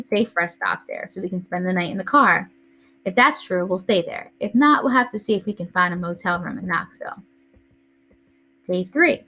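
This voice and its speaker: A woman's voice: mid-range voice, a bit bright. A woman reading aloud, voicing an organized mother who lists a road-trip plan step by step. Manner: orderly, listing plans step by step. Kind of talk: reading a novel aloud to a class.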